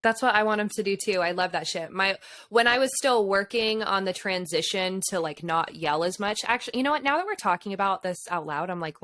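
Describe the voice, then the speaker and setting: A woman's voice: mid-range voice, animated, fairly quick, hardly any pauses, a bit bright. A woman guest on a podcast, a mother of young children, talking frankly in casual chat, swearing freely and laughing often.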